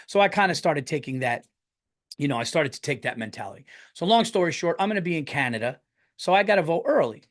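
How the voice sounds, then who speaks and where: Animated, swearing man telling a story. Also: a little high. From United States. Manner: rambling, animated, swears a lot, restarts sentences. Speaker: podcast host and comedian. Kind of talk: casual storytelling monologue.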